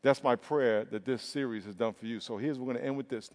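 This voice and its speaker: A man's voice: mid-range voice, a little mellow. Preaching man in an echoing hall. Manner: emphatic preaching with drawn-out stresses and repetitions. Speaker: pastor. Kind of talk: sermon. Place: church sanctuary. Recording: long reverb of a large hall.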